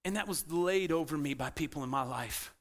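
In a church sanctuary, a pastor preaches to his congregation in a voice that's a little high and fairly quick. He's animated, swinging between loud emphasis and quiet intensity.

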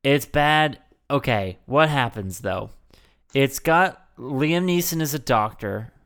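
A man's voice: mid-range voice, animated, slow pace, a bit bright, clear, resonant tone. A man co-hosting a podcast, recapping a movie in casual, rambling, joking chat and laughing often. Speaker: podcast co-host.

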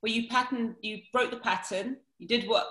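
An animated woman talks in a casual podcast conversation, a dating coach explaining her approach. She jumps in with quick asides and restarts her sentences often. The room around her sounds roomy and echoey. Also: a little high.

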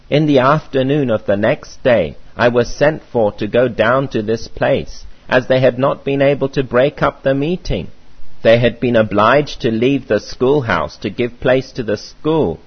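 A man reading a first-person memoir aloud in a measured, earnest way, on a muffled lo-fi recording. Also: mid-range voice, husky. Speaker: audiobook reader.

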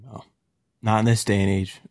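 A man's voice: fairly low pitch, level tone, normal speed, creaky, darkish tone. A man hosting an interview, steadily recapping the guest's background in between short agreements. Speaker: interview host. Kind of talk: interview questions.

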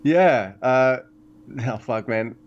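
A man co-hosting a podcast in casual chat, excitable and rambling, cursing often. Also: mid-range voice, slow, lo-fi sound, a crowd in the background. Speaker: podcast co-host.

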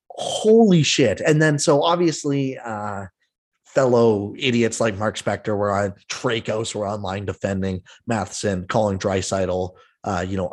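A man hosting a casual sports podcast, ranting in an exasperated, animated way with some swearing. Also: lowish voice, slightly rough. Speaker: podcast host.

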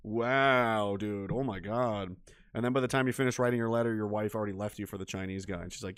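A man's voice: lowish voice, steady tone, fairly quick, clean tone, no echo. A man ranting sarcastically and with heavy swearing as he comments on news stories during a live stream. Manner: profane, sarcastic, mocking.

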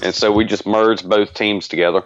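A man with a deep Southern US accent, a radio guest telling stories in an easygoing, rambling way. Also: fairly even intonation, moderate pace, muffled recording. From Mississippi, American South. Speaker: guest, paranormal investigator. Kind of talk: casual radio interview.

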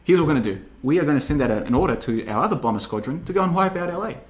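A man's voice: a little high, animated, racing, muffled recording, pitched above the performer's own voice, natural voice. A man doing a glib, chummy American president. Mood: breezy. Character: breezy, overly casual male American president. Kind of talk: comedic retelling of a film.

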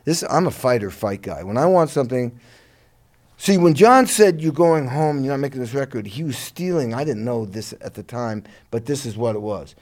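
A middle-aged guest musician recounts his career in a relaxed interview, lively and a little profane, laughing as he goes. His voice sits at medium pitch and moves at a moderate pace.

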